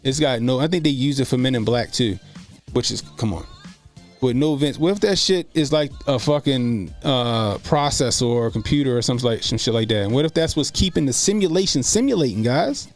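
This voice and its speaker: A man hosts a casual live stream at a middle pitch, with faint music underneath. He rambles through profane, laughing stories and answers chat comments as they come in. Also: expressive, a little fast. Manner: loose, profane, laughing storytelling. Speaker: streamer host.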